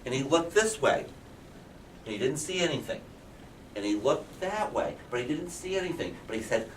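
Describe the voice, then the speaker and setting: A man's voice: fairly high pitch, big pitch swings, moderate pace, background noise. A male kindergarten teacher animatedly telling a picture-book story to young children, often asking them questions. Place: classroom. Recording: roomy classroom from a distance.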